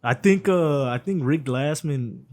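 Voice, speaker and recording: A man's voice: on the high side, measured pace, a little mellow. A man co-hosting a podcast in casual, laid-back chat, swearing freely and using lots of fillers. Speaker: podcast co-host.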